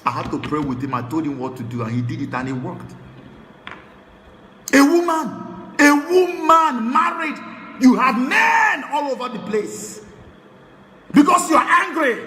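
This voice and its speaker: Fiery high-pitched Nigerian preacher in a hall. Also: male voice, very animated, normal speed, a little hiss or hum. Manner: fiery, swings between shouting and hushed tones. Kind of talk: sermon. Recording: echoey hall with long reverb.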